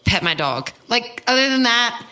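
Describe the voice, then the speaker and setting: A woman hosting a podcast in a casual chat. She is a touring musician, chatty and animated, and laughs often. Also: on the high side, moderate pace.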